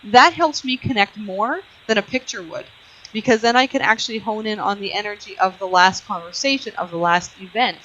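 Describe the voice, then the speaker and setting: A woman's voice: mid-range voice, brisk, a bit bright. A woman hosting a call-in psychic show, chatting casually with plenty of fillers and frequent laughs. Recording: muffled lo-fi online radio audio.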